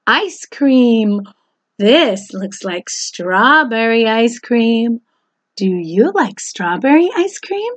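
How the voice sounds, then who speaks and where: A woman teaching a preschool phonics lesson, talking slowly with exaggerated, sing-song delivery, oohs and gasps. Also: fairly high pitch, very animated, no room sound.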